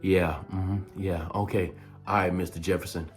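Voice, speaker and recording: Man doing a deep, measured assistant principal. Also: fairly even intonation, faint music behind, lightly acted. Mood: businesslike. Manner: low, measured, businesslike. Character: calm, deep-voiced male assistant principal.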